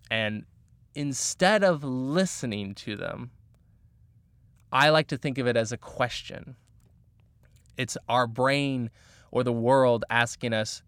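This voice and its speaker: An encouraging man talks through motivational advice in a relaxed, chatty way, full of "like" and "you know." His voice is smooth and clear, recorded dry and close. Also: medium pitch, moderate pace, dry recording. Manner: earnest, encouraging, with frequent fillers. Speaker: motivational speaker. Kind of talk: casual motivational monologue.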